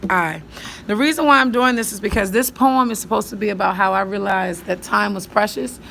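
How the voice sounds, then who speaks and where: Woman, teacher, patient, thinks aloud, gravelly fry, faint background noise. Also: mid-range voice, fairly quick. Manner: patient, counts syllables aloud, thinks out loud while writing. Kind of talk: step-by-step poetry lesson.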